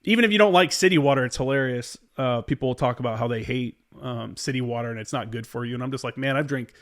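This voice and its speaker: A man's voice: mid-range voice, fast. A man in a mid-range voice hosts a casual podcast chat. He talks bluntly, rambles and swears often, sounding like an everyday veteran speaking his mind. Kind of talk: casual conversation.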